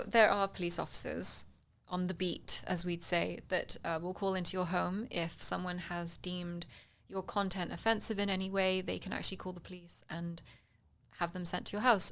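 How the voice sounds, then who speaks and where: A woman's voice: on the low side, steady tone, moderate pace, a bit bright. A woman, a guest on a radio talk show, breezy and wry, laughing easily. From United Kingdom. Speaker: guest commentator. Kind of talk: casual interview chat. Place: radio studio.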